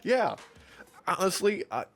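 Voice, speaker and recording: A man's voice: high-pitched, big pitch swings, slow pace, vocal fry. Man, casual podcast recap, swears a lot, laughs, acts out quotes, faint music behind. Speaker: podcast co-host. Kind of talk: casual wrestling recap chat.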